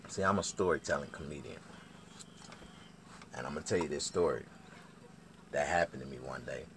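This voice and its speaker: A middle-aged man, telling a profane comic story in a drawling, lively way. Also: extremely low pitch, normal speed, a little hiss or hum. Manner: drawling, lively, swears a lot. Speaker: storytelling comedian.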